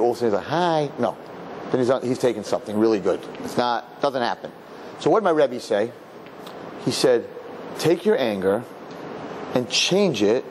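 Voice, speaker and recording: Man, rabbi, animated Torah class, mimics people's voices, faint hiss. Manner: animated, acts out people with high voices, Yiddish and Hebrew words. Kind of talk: lively Torah lecture.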